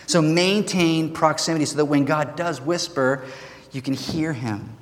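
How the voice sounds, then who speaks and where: A man's voice: a little high, a little slow. A man preaching a sermon in a casual, conversational way, with playful asides between his points. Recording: long reverb of a large hall.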